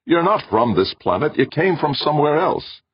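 A shrewd, suspicious scientist, as a man puts him on, presses his point with probing questions. The voice rides high and firm above the reader's own, husky throughout. The recording is dull and lo-fi. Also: very animated, normal speed, dry recording.

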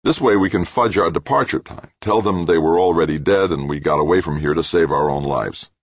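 A man with a low, creaky voice reading an audiobook, voicing a ruthless male astronaut with a curt, forceful manner. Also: a little fast, no echo.

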